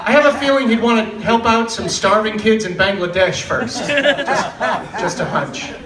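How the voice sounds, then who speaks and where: A man doing a stand-up comedy set in a club, sarcastic and animated, laughing and swearing as he talks. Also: high voice, moderate pace, a loud crowd. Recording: roomy club sound from a distant mic, with noise.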